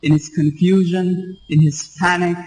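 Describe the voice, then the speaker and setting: A man's voice: high voice, level tone, measured pace, a little mellow, rough recording. A man preaching a sermon, emphatic and repetitive, asking the congregation rhetorical questions. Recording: radio live stream.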